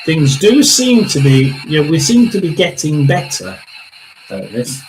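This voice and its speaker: A man hosting a live tarot and spirit box session, talking haltingly, repeating words and often clearing his throat. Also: on the high side, sing-song, a little hiss or hum, rough recording.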